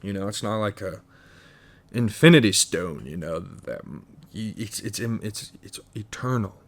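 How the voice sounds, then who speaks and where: A man's voice: on the low side, expressive, measured pace. A man hosting a podcast, musing in a profane, stream-of-consciousness comedic monologue full of restarts and stumbles. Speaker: podcast host.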